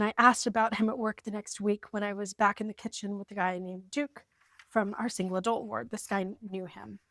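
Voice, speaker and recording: A woman's voice: dry recording, studio quality. A woman in her forties from the United States, telling her story in a wry, lighthearted way while reading from an old journal. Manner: wry and lighthearted, with sudden lifts of pitch. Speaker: vlogger.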